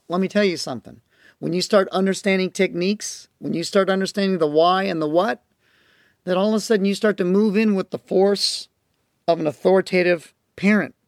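High-voiced gravelly man telling parenting stories. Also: no room sound, clean studio sound. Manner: acts out quoted parents and children in his stories; earnest, emphatic, slows down on key points. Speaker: parenting speaker. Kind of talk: storytelling talk to a listener.

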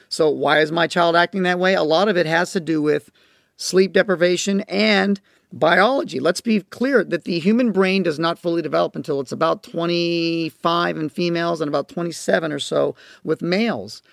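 Here a parenting educator and counselor lectures parents, his delivery earnest and emphatic. He has a creaky, fairly high voice. The recording is studio quality and free of echo.

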